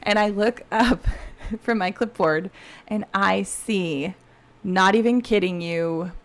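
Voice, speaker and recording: A woman with a slightly gravelly, creaky voice chats as a podcast guest, sharing stories from her wedding planning work. Her pitch sits mid-range, and she talks in a loose, animated way, often leaning on "you know" and breaking into laughter. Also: slow pace. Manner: chatty, peppered with "you know". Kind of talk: casual podcast storytelling.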